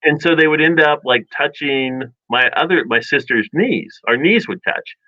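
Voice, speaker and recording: A man's voice: fairly high pitch, normal speed, sharp tone, no room sound, dull audio. A man co-hosting a radio show, telling a long rambling childhood story in casual chat and acting out family quotes. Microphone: studio microphone.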